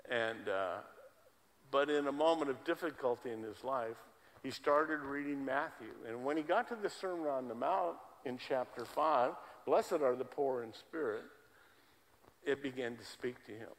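A man's voice: medium pitch, moderate pace. A male pastor preaching a sermon to a congregation in a church, emphatic and repeating key words for stress. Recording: long hall reverb.

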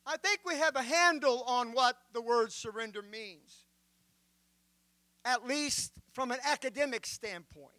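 High-voiced preaching bishop, dry sound. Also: male voice, sharp tone, dry recording. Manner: dramatic preaching, slow emphatic scripture reading. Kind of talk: sermon.

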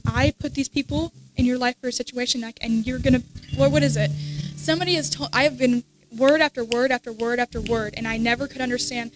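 High-voiced teenage girl giving testimony. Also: fairly even intonation, music in the background, poor audio. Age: teens. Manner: halting, many restarts, soft at times. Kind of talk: emotional personal testimony. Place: church.

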